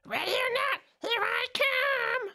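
A woman voicing a bratty, tricky little goblin boy in a storybook reading, squeaky and cackling. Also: takes it slowly, gravelly, sharp tone, no echo, clean studio sound, exaggerated voice. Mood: gleeful.

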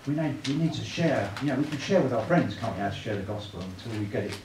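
A man's voice: medium pitch, expressive, fast talker. A man giving a church evangelism talk, chatty, often asking the room tag questions. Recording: echoey room, mic far off, clear noise.

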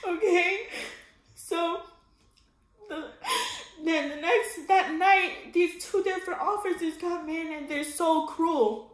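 A woman's voice: very high-pitched, slow pace. A young woman telling a painful personal story as a vlogger, tearful and breaking into crying laughs, swearing casually. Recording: echoey room.

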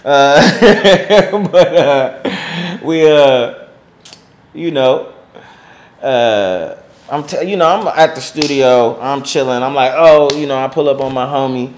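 A man's voice: medium pitch, slow pace, a little hiss or hum. A middle-aged man telling a story in a casual interview, slangy and full of fillers, raising his voice to act out quotes. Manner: animated, acts out quotes in raised voice; slangy, filler-heavy speech. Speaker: interview guest.

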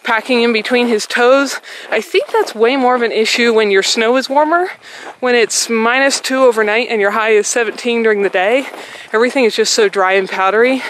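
The recording is rough, with a little hiss or hum, as a woman with a fairly high voice speaks fairly quickly. Walking her dog on a snowy trail, she vlogs casually, slightly breathless and chatty, heaping praise on the dog.

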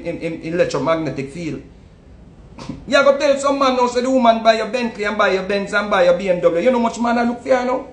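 A man with a Jamaican accent giving a casual, animated commentary, often repeating words and swinging between loud outbursts and low asides. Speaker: online commentator. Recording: echoey room with faint rumble.

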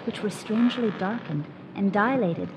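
A woman reads a story aloud, measured and expressive, her voice at an ordinary middle pitch. A loud hiss of noise lies under the whole recording. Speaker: reader.

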